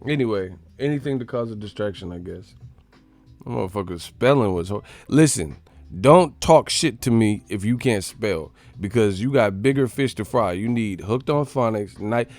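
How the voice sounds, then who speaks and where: A man's voice: on the low side, animated, normal speed, a little mellow, no room sound. A man hosting a boxing channel live stream, ranting in casual, profane, mocking chat.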